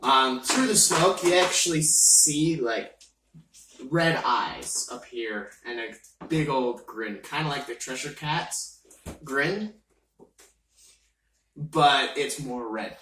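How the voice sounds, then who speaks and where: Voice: medium pitch, lively intonation, takes it slowly, fairly bright tone. A game master narrating a tabletop game in a playful, laughing manner, recorded in a roomy space from a distant mic with faint noise.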